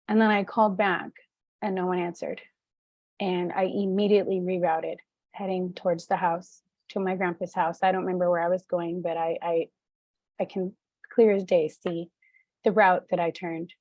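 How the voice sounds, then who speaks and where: Earnest woman, mellow dry voice. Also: mid-range voice, no room sound. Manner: earnest, halting storytelling with many fillers. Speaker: suicide prevention advocate and speaker. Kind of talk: personal testimony talk.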